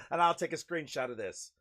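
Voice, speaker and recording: A man playing a tabletop game, talking casually and eagerly. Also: medium pitch. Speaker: player. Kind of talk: casual chat.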